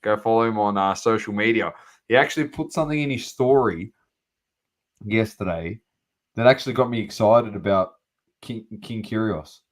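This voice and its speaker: A man's voice: fairly low pitch, normal speed. An Australian man co-hosting a sports podcast, chatting casually in blunt, sweary slang. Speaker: podcast co-host.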